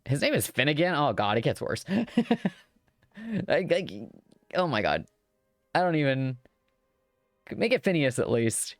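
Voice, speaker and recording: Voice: mid-range voice, no echo, clean studio sound. Giggly streamer reading a game. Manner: giggly, chatty, joking asides. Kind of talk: live-streamed visual novel read-aloud with commentary.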